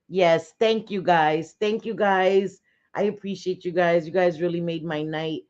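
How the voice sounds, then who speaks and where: A woman's voice: fairly low pitch, unhurried, a little mellow. A middle-aged woman from New York with a New York accent, hosting a casual livestream chat in a blunt, chatty way and cursing freely. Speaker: livestream host. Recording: slightly dull lo-fi sound.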